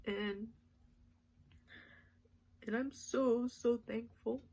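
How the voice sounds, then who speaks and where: A young woman recording a halting birthday message to her grandmother, crying as she talks, with many pauses and restarts. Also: fairly high pitch, steady tone, a little mellow, poor audio.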